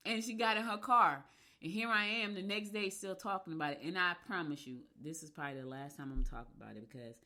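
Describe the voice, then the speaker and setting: Middle-aged woman host from Newark, lowish voice, animated and candid casual monologue. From Newark, New Jersey. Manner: animated, candid, swears freely. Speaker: radio show host.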